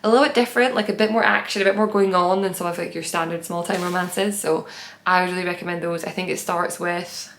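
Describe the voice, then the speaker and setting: A woman's voice: lowish voice, steady tone, fast talker, a bit bright, reverberant, slight background noise. A young woman hosting a knitting podcast, chatting casually and rambling with many fillers. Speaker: podcast host. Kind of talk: casual chat.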